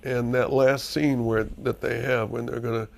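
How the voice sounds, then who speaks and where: Gravelly older man telling stories. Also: mid-range voice, normal speed. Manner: animated storyteller, profane and emphatic. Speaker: screenwriter being interviewed. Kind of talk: candid interview storytelling.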